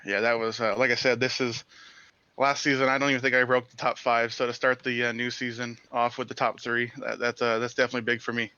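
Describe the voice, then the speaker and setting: A man's voice: medium pitch, level tone, quick pace, sharp tone, smooth, no echo, muffled recording. A man, a sim race driver being interviewed, eager and rambling, laughing easily. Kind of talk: casual interview.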